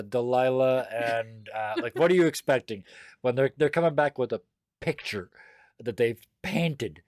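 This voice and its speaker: A man's voice: medium pitch, a little mellow, no echo, clean studio sound. Man narrating as game master. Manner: descriptive, halting with fillers.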